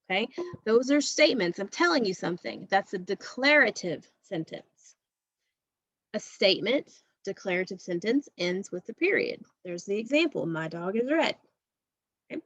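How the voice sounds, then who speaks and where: A woman's voice: medium pitch, big pitch swings, normal speed, fairly bright tone, dry recording, highs cut off. A woman teacher giving a recorded class lesson to young students, patient and repetitive, checking understanding with frequent okays.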